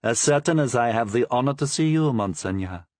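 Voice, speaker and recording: A man's voice: mid-range voice, lively intonation, a little fast, dry recording, lightly acted. A man voicing a sly, deferential male Capuchin friar in a storybook reading, talking eagerly.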